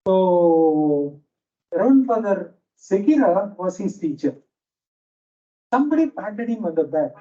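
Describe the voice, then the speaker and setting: A very animated man with a high-pitched, mellow voice and an Indian English accent delivers a faculty talk as a management teacher, keeping a measured pace and pausing often. He tells stories and repeats key phrases to drive points home. The lecture hall has a noisy fan, and the recording sounds dull and distant.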